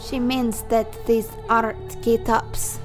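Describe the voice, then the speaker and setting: A woman's voice: on the high side, flat delivery, takes it slowly, faint music behind. A woman playing a tabletop game, teasing and giggly as she chats. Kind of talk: casual chat, tabletop game player.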